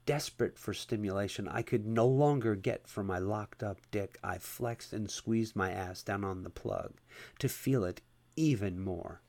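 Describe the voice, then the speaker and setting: A man reading a first-person erotic story aloud at a steady, unhurried pace. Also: lowish voice, vocal fry. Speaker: narrator.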